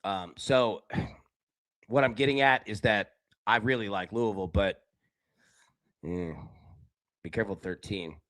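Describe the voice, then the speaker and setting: A man hosting a live sports betting talk show, chatting casually and addressing viewers by name, swinging between loud excited bursts and quiet low asides. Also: measured pace, long pauses, no room sound. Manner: talks directly to chat viewers by name. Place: indoor room with a window.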